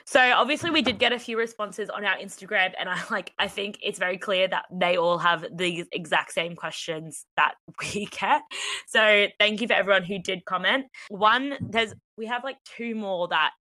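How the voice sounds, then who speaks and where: A woman's voice: medium pitch, normal speed, bright, forceful tone, no echo. A woman with an Australian accent co-hosting a podcast in casual chat, talking with lots of "like" fillers and frequent laughs. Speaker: podcast co-host. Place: Australian expat living in London, recording indoors.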